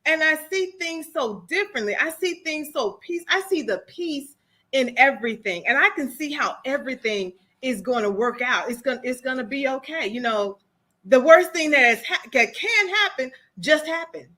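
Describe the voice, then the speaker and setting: A woman transformation coach speaking as an interview guest, telling stories in an animated way and repeating phrases for emphasis. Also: high voice, moderate pace. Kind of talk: conversational interview.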